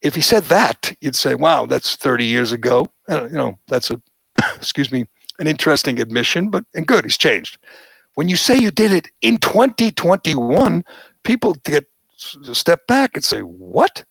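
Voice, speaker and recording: Gravelly, animated male podcast host. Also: a little high, moderate pace, no room sound. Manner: animated, mocking quoted voices. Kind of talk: opinionated political commentary chat.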